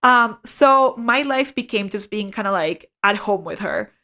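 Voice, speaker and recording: A young adult woman telling a story as a podcast co-host, animated, swearing freely and saying "like" a lot. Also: medium pitch, unhurried. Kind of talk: casual storytelling chat.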